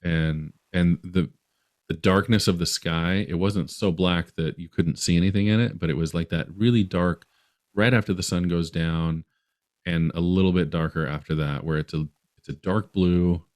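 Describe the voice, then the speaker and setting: Low-voiced man telling a story. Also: fairly even intonation, normal speed. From Utah, US. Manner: rambling, many restarts, acts out yells from the story. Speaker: podcast guest. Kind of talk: storytelling in a podcast conversation.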